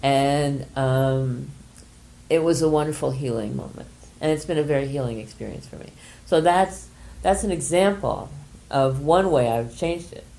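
An older woman leading a workshop group, speaking gently and hesitantly with many pauses as she explains an exercise and shares a personal story. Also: extremely low pitch, gravelly. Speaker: workshop leader.

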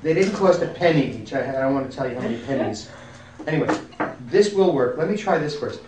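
A man's voice: mid-range voice, animated, brisk, background noise. A man with a genial, joking manner, explaining and demonstrating a sound effect on flutes to a group. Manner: genial, self-deprecating humor. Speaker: musician giving a demonstration. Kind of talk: informal group talk with demonstration. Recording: roomy, from a distance.

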